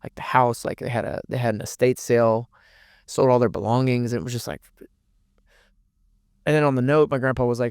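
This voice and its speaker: A man's voice: mid-range voice, steady tone, fairly quick, a little mellow, no room sound, studio quality. A young man, telling a painful family story as a podcast guest in a rambling, emotional way, with many restarts and curse words. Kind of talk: candid personal storytelling.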